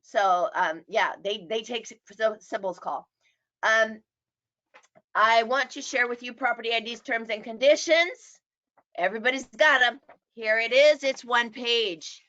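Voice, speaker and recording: A middle-aged woman teaching real estate agents, animated and acting out quoted people. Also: a little high, unhurried. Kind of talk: presentation. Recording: dull lo-fi audio.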